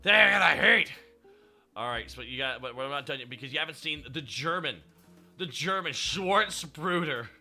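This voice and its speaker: A man hosting a stream, casual and excitable, swearing a lot and laughing often. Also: mid-range voice, normal speed, soft background music. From Canada. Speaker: streamer host.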